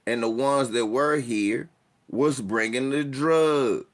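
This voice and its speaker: Speaking slowly in a mid-range voice, this podcast host in his forties swaps profane stories casually. He laughs a lot and acts out everyone he quotes.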